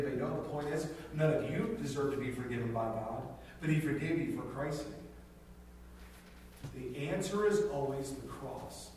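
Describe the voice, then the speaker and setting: A man preaching a sermon in a conversational, animated way, telling stories and acting out scenes in different voices. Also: medium pitch. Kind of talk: sermon with storytelling. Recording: very echoey hall, distant mic, faint noise.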